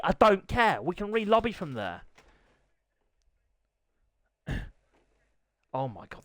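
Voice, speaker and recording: A young man hosting a racing game live stream, excitable and jokey, with squealing high bursts of excitement. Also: a little slow, pauses often, no room sound. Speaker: race commentator and stream host.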